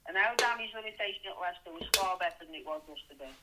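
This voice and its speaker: A woman's voice: fairly low pitch, animated, very fast, heavy background noise. A woman co-hosting a casual football fan chat, forthright and scornful in her opinions. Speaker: podcast co-host.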